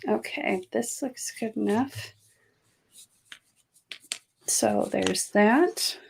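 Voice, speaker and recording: Woman, middle-aged, gravelly voice, relaxed slow talk, casual chat, self-mocking. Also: mid-range voice, slight background noise, rough recording. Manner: chatty, laughs often, self-mocking asides. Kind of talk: casual chat while making art.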